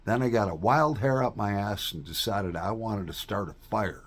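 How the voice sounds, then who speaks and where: A man's voice: lowish voice, normal speed, few pauses, slightly rough. A man in a folksy, rambling casual chat to viewers, often tossing in "all right?" asides. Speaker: vlogger.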